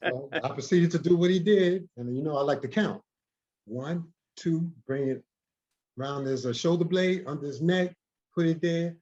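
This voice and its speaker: A man, a guest in an interview, telling a story in an animated way, often repeating and restarting words. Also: a little high, normal speed. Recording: dull lo-fi recording.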